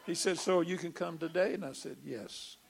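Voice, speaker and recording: An older preacher man tells a long story from the pulpit, often stammering and doubling his words. His voice is deeply gravelly and sits a bit high. A faint hiss runs under the recording. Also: normal speed, a faint crowd. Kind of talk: sermon testimony.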